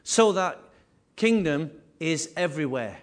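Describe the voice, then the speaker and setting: A man preaching a sermon with emphatic, repetitive phrasing, his voice rising and falling in loudness. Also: on the high side, expressive, measured pace. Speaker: pastor.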